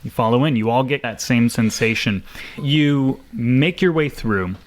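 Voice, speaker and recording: A man's voice: medium pitch, unhurried. A man narrating a tabletop game as game master, casual and full of fillers.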